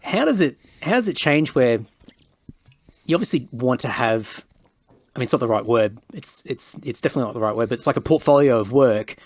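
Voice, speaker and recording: A man hosts a casual podcast interview in a mid-pitched voice. He asks long, winding questions and keeps correcting himself. His sound is dry and close, with no room echo. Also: lively intonation, a little fast. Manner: meandering questions, self-correcting. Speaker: podcast host.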